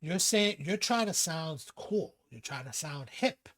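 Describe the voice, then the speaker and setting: A man's voice: a little high, a little slow. A man co-hosting a podcast, chatting casually, telling stories and acting out quotes with laughs. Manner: animated storyteller, acts out quotes; laughs often. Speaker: podcast co-host. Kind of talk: casual chat.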